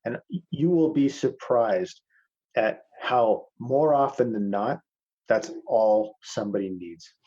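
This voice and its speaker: A man's voice: mid-range voice, slow, dark tone, breathy edge, highs cut off. A man teaching a masterclass in casual talk over a video call. He is blunt, swears freely and calls his listeners "man".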